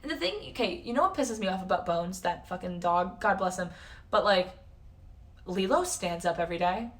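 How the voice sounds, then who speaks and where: A woman's voice: on the low side, animated, normal speed, fairly bright tone. Young woman, live-stream chat, rambling, swears a lot, hotel room, echoey, distant from mic. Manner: rambling, swears freely, jumps between tangents. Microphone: facecam at a distance.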